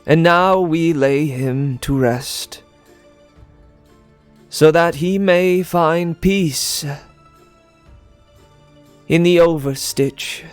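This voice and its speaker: Solemn male mourner, slow and declaiming, voiced by a man running the game. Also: fairly high pitch, clear, resonant tone, no room sound, soft background music, pitched above the performer's own voice. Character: solemn male villager giving a eulogy.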